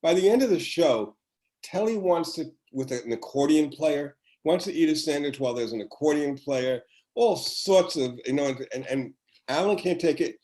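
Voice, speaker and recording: An older man who once wrote children's TV chats as a podcast guest over a video call, his fairly high voice lively and his pace normal. He tells warm, rambling stories, often restarting his sentences. The recording quality is low.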